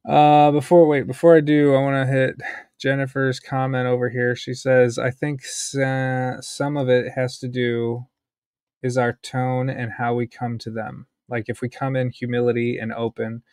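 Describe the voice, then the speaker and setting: A man with a New York accent hosting a casual bible study podcast, reading scripture aloud and talking it over in a blunt, forceful way. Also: medium pitch, level tone, normal speed, clear, resonant tone, no room sound, clean studio sound.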